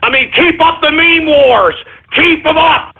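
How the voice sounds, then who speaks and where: A man's voice: very high-pitched, unhurried. A man playing a blustering, foul-mouthed Texan talk radio host who rants, curses and stumbles over his words. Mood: ranting. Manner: ranting, cursing, stumbling over words, drunk-sounding bravado. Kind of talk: parody talk radio rant. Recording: tinny phone-like radio sound.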